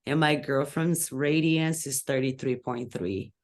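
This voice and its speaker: A woman's voice: extremely low pitch, fairly even intonation, a little slow, a little mellow. A woman in casual group chat, asking curious questions and thinking aloud. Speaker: group discussion member.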